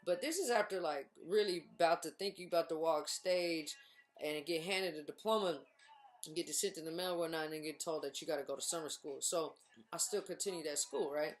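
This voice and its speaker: A woman's voice: low-pitched, fairly quick, soft background music. A woman in her thirties telling her own recovery story in a casual, slangy way, acting out what others said. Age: 30s. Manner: animated, slangy, acts out voices of others.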